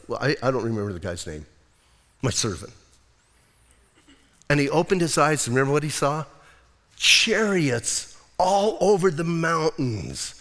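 Animated pastor in an echoing hall. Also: male voice, fairly high pitch, normal speed. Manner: animated, jokey, slips into voiced characters. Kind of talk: casual sermon with acted-out Bible scenes. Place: church sanctuary. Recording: long hall reverb.

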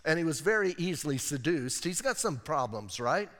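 A male pastor preaches in a relaxed, animated style and turns to his listeners with quick asides. His voice sits a little higher than most men's, and a long reverb from the church hall trails each phrase. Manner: animated, conversational, asides to the audience. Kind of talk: expository sermon. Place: church sanctuary.

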